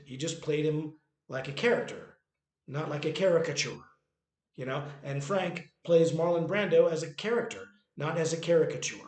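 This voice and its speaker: A man's voice: a little high, darkish tone. A man talking about his own stage play in a casual, rambling way, restarting sentences often. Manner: rambling, many restarts and fillers. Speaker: playwright and author presenting his own work. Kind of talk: casual spoken commentary. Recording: echoey room.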